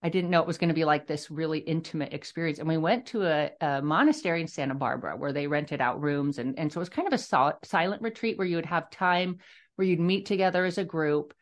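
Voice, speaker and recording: A woman's voice: low-pitched, expressive, quick pace. A middle-aged woman, a podcast guest, telling a personal faith story in an earnest, reflective way, often restarting her sentences. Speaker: guest author sharing her testimony. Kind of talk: personal testimony in a podcast interview.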